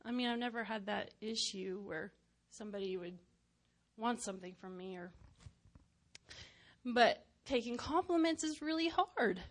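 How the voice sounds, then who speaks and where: A woman preacher chatting casually in a goofy, giggly way, laughing often and sometimes dropping to a hushed aside. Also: fairly high pitch, expressive, normal speed. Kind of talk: casual personal chat.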